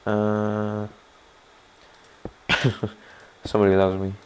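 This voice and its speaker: A man's voice: on the low side, monotone, very slow, slight background noise. A man narrating his own game playthrough in a rambling, chatty manner, often asking viewers for their thoughts. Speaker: gaming channel host. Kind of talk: let's play commentary.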